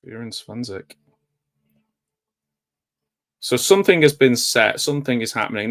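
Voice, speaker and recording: A man's voice: medium pitch, animated, measured pace, pauses often, a bit bright. A man giving a casual, rambling live commentary while watching a movie, drifting into nostalgic asides. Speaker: film commentator.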